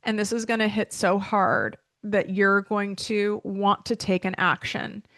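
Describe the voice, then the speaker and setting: A woman's voice: mid-range voice, unhurried, a bit bright, dry recording, studio quality. Chatty, emotional woman podcast host. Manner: chatty, emotional, many fillers like "like" and "okay". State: emotional, close to tears. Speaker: podcast host and business coach. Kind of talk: casual solo podcast talk.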